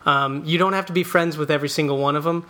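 A man's voice: a little high, fairly even intonation, fast, pushed and bright. A man co-hosting a casual sports and beer podcast, easygoing with wry commentary. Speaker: podcast co-host.

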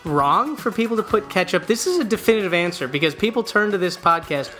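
Bright-voiced man chatting sports. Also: high voice, animated, quick pace, soft background music. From American Midwest. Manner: rambling, self-correcting, chuckles often. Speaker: podcast co-host. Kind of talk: casual sports chat.

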